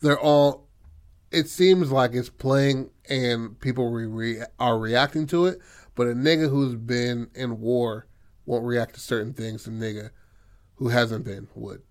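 A man's voice: medium pitch, fairly even intonation, measured pace. A man with a mid-range voice talks loosely through his story ideas. He halts and restarts, and he fills the gaps with "like" and "you know what I mean.". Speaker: co-writer planning a film. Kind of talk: casual brainstorming chat.

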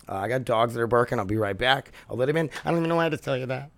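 Gravelly dude rambling and cussing on his home podcast, dry close sound. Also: medium pitch, racing, hardly any pauses, no echo. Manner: rambling, profane, laughs often. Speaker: podcast host. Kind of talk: casual solo podcast chat.

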